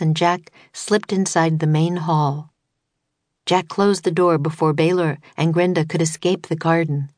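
A woman reading a children's storybook as an audiobook, in calm, even narration. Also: low-pitched, dry recording. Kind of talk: scripted narration.

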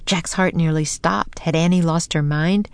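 A woman narrating a children's storybook in a calm, measured way, slowing for suspense. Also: sits low, clear, resonant tone, no room sound. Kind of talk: storybook reading.

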